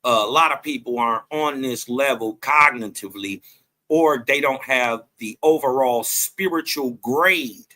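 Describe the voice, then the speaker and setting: A man's voice: mid-range voice, measured pace, pushed and bright. A man, commenting on a debate clip in an emphatic, preachy way that keeps asking "right?". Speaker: host reacting to a clip.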